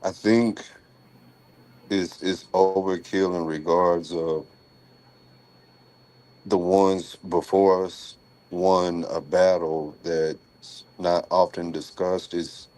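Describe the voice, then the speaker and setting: A man speaking as a panelist in a casual discussion, measured and thoughtful, often trailing off quietly. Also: low-pitched, flat delivery.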